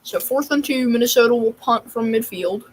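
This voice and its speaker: A woman's voice: a little high, moderate pace, slight background noise, poor audio. A woman watching a football game, chatting casually and calling out plays and scores. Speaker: co-viewer.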